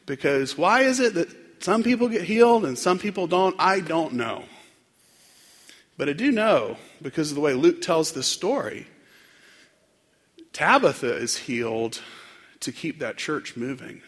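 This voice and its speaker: Pastor, male, sermon in church; husky, reflective, lots of ums, long reverb. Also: fairly high pitch, very animated, a bit bright. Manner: reflective, unhurried, with frequent fillers and restarts. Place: church sanctuary.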